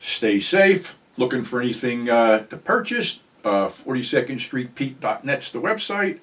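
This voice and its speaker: A man's voice: medium pitch, sing-song, measured pace, fairly bright tone, recorded from a distance. Older man telling a profane, rambling story. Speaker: show host. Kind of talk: casual storytelling monologue.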